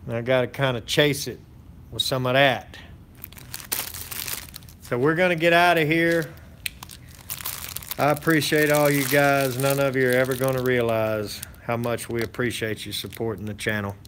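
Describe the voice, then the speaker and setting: A man's voice: mid-range voice, fairly even intonation, moderate pace, pauses often, fairly bright tone, slight background noise. Folksy man rambling on stream. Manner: rambling, folksy, many fillers and restarts. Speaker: channel host. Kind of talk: casual live-stream chat.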